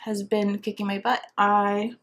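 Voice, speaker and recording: A young woman with a lilt rambles cheerfully through a casual makeup tutorial. She is pregnant and a bit out of breath as she talks. Her delivery is chatty, full of fillers and asides, with a pitch in the ordinary middle range. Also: flat delivery, unhurried, a bit bright. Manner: chatty, bubbly, filler-heavy. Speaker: beauty vlogger.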